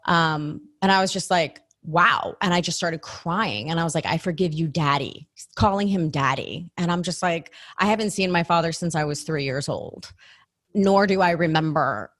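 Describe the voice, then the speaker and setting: A woman's voice: lowish voice, moderate pace. A woman hosting a church podcast, talking in an earnest, encouraging and reflective way. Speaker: podcast host. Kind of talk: faith podcast conversation.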